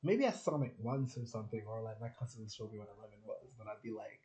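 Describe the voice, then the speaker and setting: A man's voice: fairly low pitch, lively intonation, fast talker, mellow. A young man from Jamaica with a Jamaican accent, rambling casually and laughing as he jumps between topics. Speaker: spiritual channel host.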